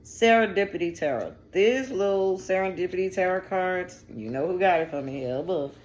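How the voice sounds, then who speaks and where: A woman's voice: lowish voice, normal speed, a little mellow, a little hiss or hum. A woman giving a casual tarot reading, chatty and digressive, with slang and profanity. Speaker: tarot reader.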